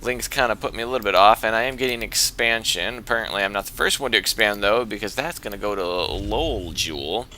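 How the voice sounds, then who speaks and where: A man casting his own strategy game match in excitable, chatty play-by-play that gets easily worked up. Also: lowish voice, fairly quick, hardly any pauses, slight background noise. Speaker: game caster and player.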